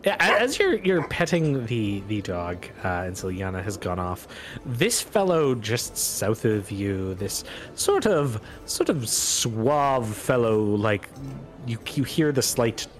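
A man running a tabletop game as game master, narrating in a loose, rambling way with many restarts. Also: fairly low pitch.

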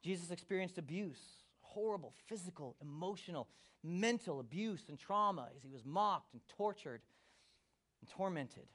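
Pastor guy preaching, high voice, goes quiet then loud, acts stuff out. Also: lively intonation, normal speed. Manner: impassioned, swings from hushed to loud, acts out quotes. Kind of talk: sermon.

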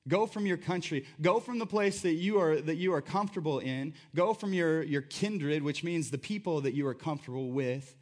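A man preaching a sermon in a conversational, animated way, acting out voices as he tells the story. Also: on the high side, normal speed, hardly any pauses. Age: adult. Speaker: pastor.

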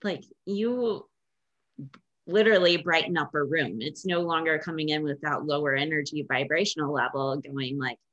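A woman's voice: sits low, moderate pace, fairly bright tone. A woman hosting a podcast, chatting casually and telling stories with enthusiasm. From Indiana, USA. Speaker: podcast host. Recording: dull, muffled sound.

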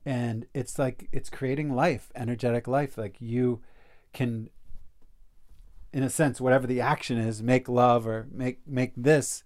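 A man's voice: medium pitch, unhurried. Man telling a heartfelt story. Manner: animated, acts out quoted people in the stories. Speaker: speaker on personal growth. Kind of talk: reflective casual talk, storytelling.

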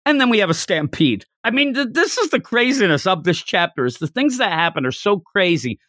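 A man hosts a casual podcast chat, his voice slightly high and swinging widely as he retells a manga chapter with animated energy. The sound is close and dry, with no room around it. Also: a little fast, no echo. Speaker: podcast host.

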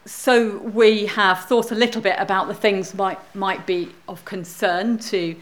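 A woman's voice: medium pitch, fairly even intonation, measured pace, slight background noise. A woman leading a church service, speaking to the congregation in an informal, chatty way. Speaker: worship leader.

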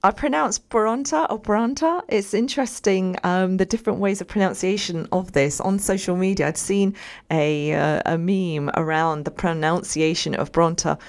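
A woman hosts a relaxed radio talk show in a slightly low voice. She chats in a meandering, friendly way and keeps turning to her listeners with questions. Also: normal speed. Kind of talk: casual radio chat.

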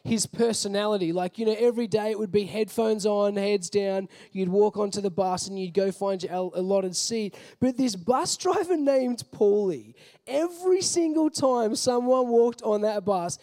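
A man's voice: high voice, moderate pace, mellow. A young adult man with an Australian accent, preaching a sermon in a casual storytelling way with many fillers. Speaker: pastor. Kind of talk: sermon with personal stories.

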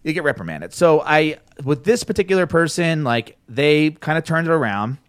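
A male podcast host who tells stories in a lively, swinging voice, his pitch sitting a bit high for a man and jumping around as he gets worked up. He laughs and swears freely, and the sound is close and dry with no room in it. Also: normal speed, smooth, dry recording. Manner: animated storyteller, swears freely, laughs often. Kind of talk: casual chat.

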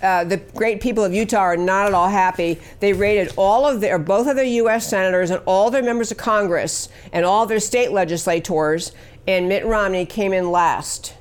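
A woman's voice: medium pitch, normal speed, clean tone. A woman hosting a talk show, delivering opinionated political commentary in an emphatic, scornful way with many fillers.

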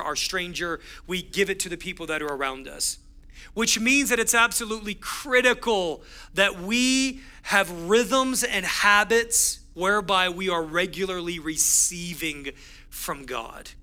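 A young adult man pastor giving a sermon, telling the story in an energetic, conversational way. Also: high-pitched, smooth.

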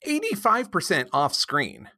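A woman's voice: on the low side, huge pitch swings, a little slow, bright, forceful tone. A woman co-hosting a podcast, making dry, wry remarks in casual chat. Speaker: podcast co-host. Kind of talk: casual chat reviewing a TV episode.

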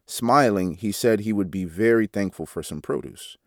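A man reading a devotional article aloud in a measured way, announcing each quotation out loud. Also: on the low side, no echo, clean studio sound. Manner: measured, reads quote marks aloud. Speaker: devotional reader.

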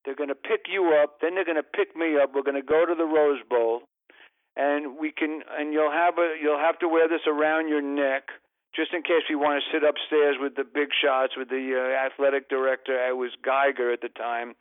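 A man's voice: on the high side, steady tone, normal speed, no room sound, phone-quality sound. An older man, a comedian, telling a long rambling story as a radio interview guest, breaking off mid-sentence and throwing in exasperated asides.

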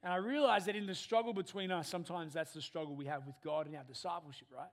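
A man in his thirties, a pastor preaching a sermon in a church and telling animated stories. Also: a little high, quick pace. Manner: animated storyteller, acts out family dialogue.

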